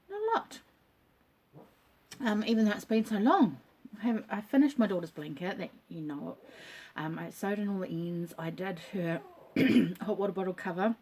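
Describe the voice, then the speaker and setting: A woman's voice: medium pitch, a little mellow, slightly rough. A middle-aged woman chatting casually to camera about her crafts from her home, rambling with lots of ums and the odd cough. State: coughing now and then. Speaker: crafting vlogger. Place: home dining nook.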